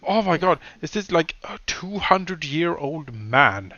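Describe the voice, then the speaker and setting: A man chatting casually as co-host of a game let's play, an animated storyteller who rambles and restarts often. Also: on the high side, a little slow, no echo, dull audio. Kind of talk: casual gaming chat.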